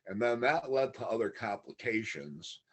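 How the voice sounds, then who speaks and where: A man's voice: on the low side, animated, moderate pace. A man talking as a podcast guest, telling a long personal story in a candid, matter-of-fact way. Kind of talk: casual interview storytelling.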